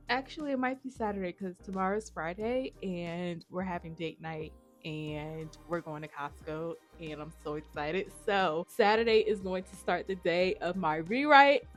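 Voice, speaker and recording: A woman vlogging about her writing, chatting casually and excitedly to her viewers and often calling them y'all. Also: on the low side, normal speed, faint music behind. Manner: gushing, excitable, says y'all a lot. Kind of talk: casual chat to camera.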